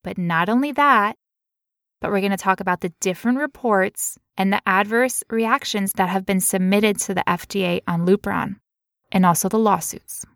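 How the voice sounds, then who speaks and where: Woman podcast co-host, chatty explainer, easy laughs, dry close mic, even middle pitch. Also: moderate pace, dry recording. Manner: playful, laughs often, explains at length. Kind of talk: casual podcast chat.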